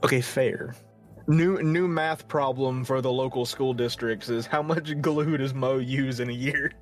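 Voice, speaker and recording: A man's voice: medium pitch, fairly even intonation, measured pace, faint music behind. A man co-hosting a podcast with dry, wry humor in casual chat. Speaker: podcast co-host and storyteller.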